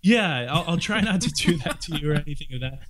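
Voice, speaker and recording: A man's voice: a little high, lively intonation, fast, a crowd in the background. A man appearing as a guest on a podcast, chatting casually and teasing the host. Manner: joking, playful teasing. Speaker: guest author on productivity.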